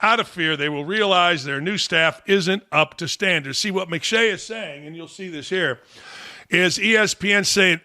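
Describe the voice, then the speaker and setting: A man's voice: high-pitched, measured pace, sharp tone. A man hosting a sports talk show, ranting bluntly and scornfully in an exasperated way. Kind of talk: opinionated podcast rant.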